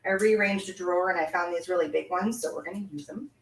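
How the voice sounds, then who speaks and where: A woman's voice: lowish voice, fast. A middle-aged woman from Canada hosts a casual card-making demonstration, chatting and giggling as she works. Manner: chatty, giggly, talks while working. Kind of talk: casual live craft demonstration. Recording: echoey room, mic set at a distance.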